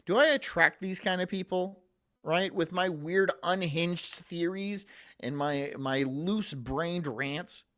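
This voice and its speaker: A man's voice: high-pitched, slow pace, a bit bright. A man streaming live, chatting casually with his viewers in a rambling, profane, self-mocking way.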